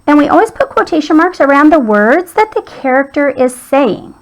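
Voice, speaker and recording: A woman's voice: sits high, very animated, moderate pace, poor audio. A woman teacher patiently walking young children through a writing lesson.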